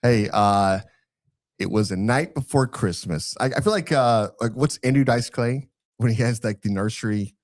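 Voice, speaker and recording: A man's voice: medium pitch, normal speed. A man with a Texan accent hosting a casual barbecue podcast, rambling with fillers and restarts. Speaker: podcast host. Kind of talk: casual chat.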